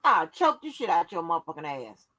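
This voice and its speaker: A woman's voice: lowish voice, big pitch swings, fairly quick, pushed and bright. A woman hosting her own channel, delivering a profane, confrontational rant that scolds her viewers. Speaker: channel host.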